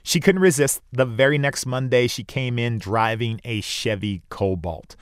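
A man's voice: mid-range voice, normal speed, clean tone, no echo, studio quality. Wry man in his forties reporting. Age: 40s. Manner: wry, self-deprecating. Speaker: radio reporter. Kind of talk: radio feature narration.

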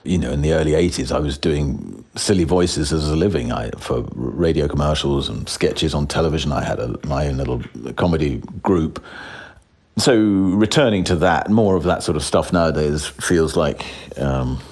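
A man's voice: extremely low pitch, normal speed, darkish tone. A man in his sixties, an actor talking as a guest in a casual interview, self-deprecating with frequent chuckles and restarts.

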